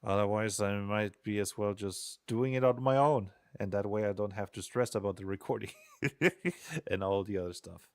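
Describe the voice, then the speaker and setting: Young man, casual streamer, rambling self-deprecating chatter, lowish voice, dry close mic. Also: moderate pace, a little mellow, no room sound. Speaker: game designer streaming programming. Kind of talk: casual live-stream chatter while coding.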